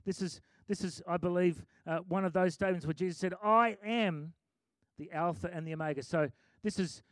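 Man, pastor, sermon, chatty, self-amused, high voice, dry recording. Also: fairly quick, fairly bright tone, no echo. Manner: chatty, self-amused, breaks into sung lyrics.

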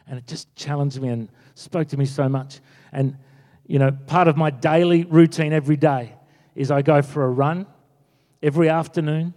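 A middle-aged preacher tells stories with animation and acts out quotes. His voice sits somewhat high for a man. The sermon rings with a long echo through a large church hall. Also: normal speed. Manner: animated storytelling, acting out quotes.

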